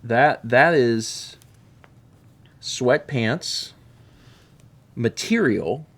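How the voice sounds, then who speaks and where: A man's voice: mid-range voice, extremely slow, fairly bright tone. A man streaming a video game, chatting casually and rambling with frequent self-corrections. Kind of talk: casual gameplay chat.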